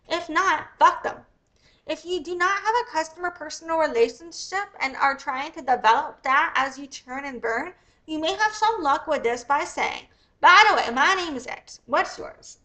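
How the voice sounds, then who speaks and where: High bright-voiced woman, blunt and profane. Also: rough recording. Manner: blunt, profane, rambling asides. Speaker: author reading her own business ebook. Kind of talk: reading aloud, then casual explaining.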